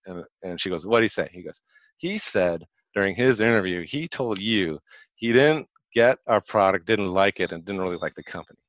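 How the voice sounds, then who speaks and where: A man's voice: low voice, normal speed, no room sound, lo-fi sound. A man in a casual chat telling stories at length, animating the quoted people with jumps in his voice. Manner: animated storyteller, acts out quoted dialogue, frequent likes. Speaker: guest telling career stories.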